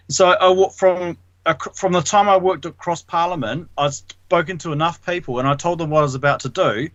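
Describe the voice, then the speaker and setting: Bright-voiced New man, dull dry line. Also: a little high, normal speed, no echo. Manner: eager, laughs often, fillers like "like". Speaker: radio show guest, activist. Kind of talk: casual radio chat.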